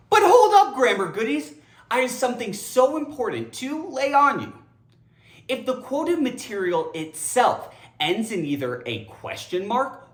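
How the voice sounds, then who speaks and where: A woman runs a playful grammar lesson, speaking slowly and deliberately with wide, swooping pitch. Her voice sits a little high and theatrical as she talks straight to the viewer. The sound is echoey, as in a bare room. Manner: animated, theatrical, addresses viewers directly. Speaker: English grammar teacher.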